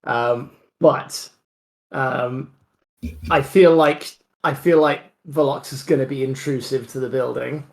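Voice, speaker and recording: A player in a tabletop game, describing moves in a slow, halting way with many restarts. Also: mid-range voice, fairly even intonation, gravelly, darkish tone, rough recording.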